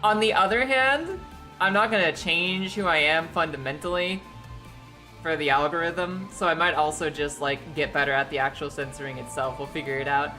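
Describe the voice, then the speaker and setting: Young woman, livestream chat, bright voice, lowish pitch, slightly echoey, faint music behind. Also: moderate pace. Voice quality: a little echoey today. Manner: chatty and animated, laughs often, jumps to high excited squeals. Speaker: streamer. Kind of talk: casual chat. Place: living room at home. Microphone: streaming setup.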